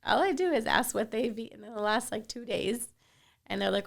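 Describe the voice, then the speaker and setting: A woman's voice: medium pitch, brisk, creaky. A woman cardiologist talking frankly in a podcast interview, often quoting her patients. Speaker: cardiologist guest. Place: South Florida.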